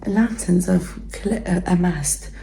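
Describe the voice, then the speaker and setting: A young woman in a whispered role-play as a chatty, easily distracted hairstylist, drifting between soft talk and whispers. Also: on the low side, unhurried, gravelly, rough recording. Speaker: ASMR creator playing a hairstylist. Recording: noticeable background noise.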